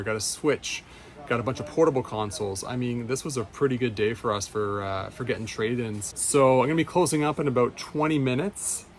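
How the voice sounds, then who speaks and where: A man chatting casually in his retro game store vlog, upbeat and quick to laugh. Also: medium pitch, slight background noise.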